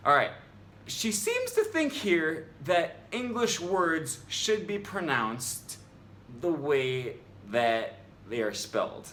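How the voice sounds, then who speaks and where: Exasperated man rebutting with lively pitch. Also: measured pace, slight background noise. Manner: argumentative, exasperated, with frequent ums. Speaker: language vlogger. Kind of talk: rebuttal commentary vlog.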